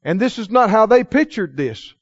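A man preaching a sermon in church, emphatic, drawing call-and-response from the congregation and slowing down to stress key phrases. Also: sits high, very animated, muffled recording. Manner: slows for key phrases, acts out dialogue in quoted voices. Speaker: pastor.

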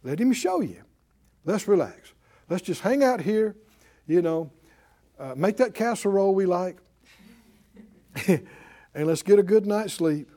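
Middle aged guy preaching, real animated, slow and mellow, bounces high and low. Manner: animated, acts out voices, swings loud and soft. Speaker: Bible teacher. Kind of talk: sermon.

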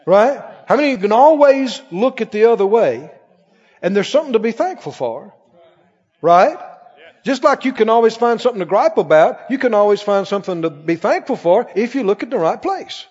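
A man preaching a sermon, reading scripture slowly and breaking into playful acted asides. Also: high voice, big pitch swings, darkish tone. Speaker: pastor. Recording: muffled recording with long hall reverb.

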